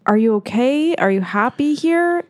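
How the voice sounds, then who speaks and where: A woman's voice: high-pitched, animated, normal speed, a little mellow. A woman playing a tabletop game who speaks as her captain in a dry, matter-of-fact way. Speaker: player.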